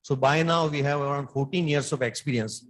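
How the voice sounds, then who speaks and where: A man's voice: a little high, fairly quick, low-quality recording. A middle-aged man, a surgeon answering conference questions in an emphatic, lecturing way.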